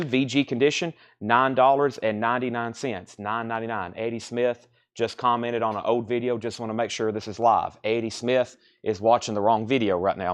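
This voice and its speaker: A man hosting a live record sale stream, briskly listing titles, conditions and prices and repeating them for viewers. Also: mid-range voice. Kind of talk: live sales stream chat.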